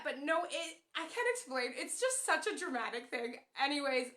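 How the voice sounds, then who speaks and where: A young woman chatting to camera in a casual vlog, telling stories with animated, emotional energy and acting out quotes. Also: high voice, normal speed, few pauses, echoey room. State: pregnant. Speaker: vlogger.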